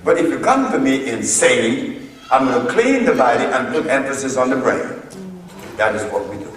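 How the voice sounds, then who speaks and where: A man giving a public lecture, speaking deliberately and posing rhetorical questions to his audience. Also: medium pitch, animated, fairly bright tone. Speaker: lecturer addressing a group. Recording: echoey hall, voice from far off.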